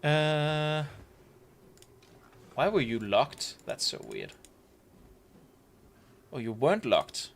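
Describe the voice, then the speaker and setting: A man's voice: fairly high pitch, very slow, vocal fry, pauses often, slight background noise. A man with a Danish accent, a Danish speaker, leading a game raid and chatting casually while he plays. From Denmark. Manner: relaxed, chatty, thinking aloud. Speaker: raid commander. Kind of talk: casual gameplay commentary.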